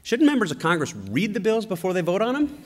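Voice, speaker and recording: A middle-aged man addresses a conference crowd, moving from family anecdotes into a political point. His pitch rises and falls in an animated, storytelling way. The voice carries a long reverb from the large hall. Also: brisk. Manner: animated anecdotal delivery with acted quotes. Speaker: conference speaker.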